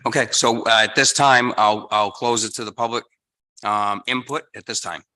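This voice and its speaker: Bright-voiced man chairing a meeting. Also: on the low side, steady tone, poor audio. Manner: halting, with fillers. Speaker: board chair. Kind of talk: town board meeting.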